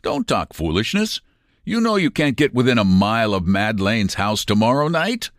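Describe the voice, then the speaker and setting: A man's voice: fairly low pitch, very animated, moderate pace, no room sound, clean studio sound. A man voicing a plain-spoken male outlaw sidekick who scolds his partner in folksy speech. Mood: chiding.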